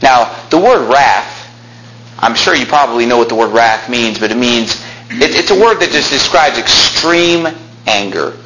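A man's voice: medium pitch, expressive, a little slow, bright, forceful tone, rough recording. A young man preaching a sermon as pastor, reading scripture aloud in an old-fashioned cadence and rising to emphatic, angry bursts.

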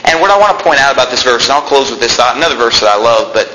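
A man's voice: medium pitch, lively intonation, very fast, bright, forceful tone, slight background noise. A man preaching a sermon as pastor, with an emphatic, fervent delivery, heard in a church sanctuary. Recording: echoey room.

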